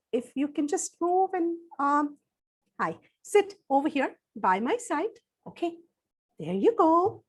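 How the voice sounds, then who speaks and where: A woman telling a story to children in an animated, sing-song way, coaxing them to join in. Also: on the high side, measured pace, breathy edge.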